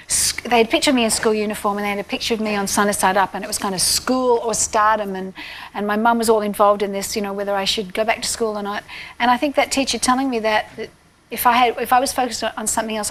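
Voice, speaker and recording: A woman's voice: medium pitch, slight background noise. An Australian woman, a talk-show guest, chatting in a self-deprecating way and laughing easily. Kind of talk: casual chat.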